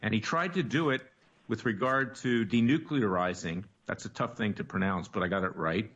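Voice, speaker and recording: A man's voice: fairly low pitch, normal speed, a bit bright, dull audio. A man in a played clip giving an indignant political monologue, denouncing opponents.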